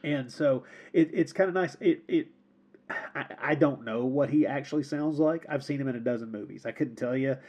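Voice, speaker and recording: Male podcast co-host, husky and mellow, casual rambling film talk. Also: medium pitch, normal speed, dull audio. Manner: rambling, repeats words, laughs often.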